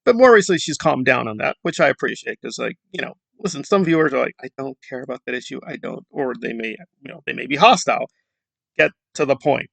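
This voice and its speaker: Gravelly sarcastic man ranting. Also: medium pitch, lively intonation, quick pace, fairly bright tone, no room sound. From Central America. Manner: sarcastic, rambling, mocking asides. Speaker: commentary YouTuber. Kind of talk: casual commentary monologue.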